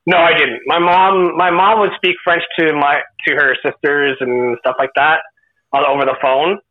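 A man's voice: a little high, fairly even intonation, normal speed. A Canadian man chatting casually as a podcast guest, laughing and swearing freely. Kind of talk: casual chat. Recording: dull lo-fi remote line.

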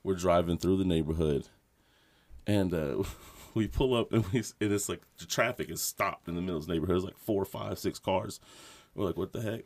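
A man's voice: low-pitched, a little fast. Rambling, laughing man telling a story. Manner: rambling, animated, swears a lot, laughs often. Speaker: podcast co-host. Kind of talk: casual storytelling chat.

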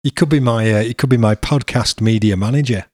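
A man's voice: medium pitch, a little fast, warm tone, dry recording, clean studio sound. A middle-aged man, hosting a podcast and chatting casually with his son, laughing often. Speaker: podcast host.

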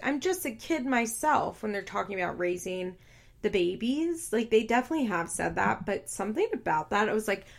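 A young woman hosting a podcast, recapping a reality show in a casual, animated way, full of "like" and quick laughs. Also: medium pitch, vocal fry. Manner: animated, frequent "like", laughs often. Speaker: podcast host.

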